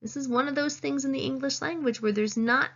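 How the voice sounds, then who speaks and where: A woman teacher giving a phonics lesson, saying each word slowly and clearly and stressing it. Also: high voice, a bit bright, lo-fi sound. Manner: slow, clear teacherly dictation, stressing words.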